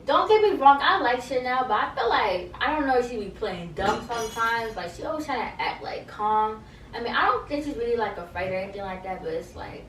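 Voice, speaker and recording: A woman's voice: fairly high pitch, animated, a little fast, fairly bright tone, slight background noise. A young woman recapping a reality show in a casual, slangy, chatty way, often quoting the cast. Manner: chatty, slangy, confused asides, quotes cast members. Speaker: reality TV reviewer. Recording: echoey room, mic at a distance.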